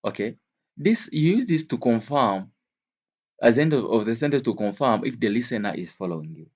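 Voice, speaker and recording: A man teaching English vocabulary to learners, speaking slowly and repeating each word and example several times. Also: medium pitch, sing-song, darkish tone, slightly rough, lo-fi sound. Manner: slow, repeats words and examples.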